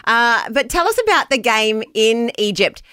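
Bubbly woman co-host, slightly high voice, dry close sound. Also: expressive, normal speed, pushed and bright, clean tone, dry recording. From half New Zealand. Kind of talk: casual live show chat.

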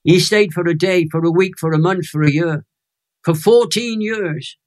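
A man's voice: a little high, normal speed. A Welsh man in his eighties, an evangelist emphatically telling a personal faith story in a chat interview. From Wales. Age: 80s. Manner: animated storyteller, emphatic and emotional. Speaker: guest evangelist.

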